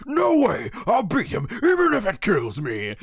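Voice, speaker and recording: A man putting on the voice of a proud, stubborn young warrior, shouting and straining while quoting a cartoon. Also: high-pitched, huge pitch swings, measured pace, slightly rough, dry recording, clean studio sound, voice pushed up, exaggerated voice. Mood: defiant.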